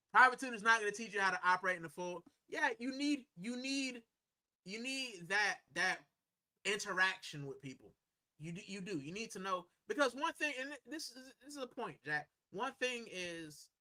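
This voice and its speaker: A man's voice: sits high, sharp tone. A man hosting a live stream, chatting casually with viewers and reading their comments, talking in a loose, rambling way and saying "bro" constantly. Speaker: livestream host. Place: indoors, in a corner at home.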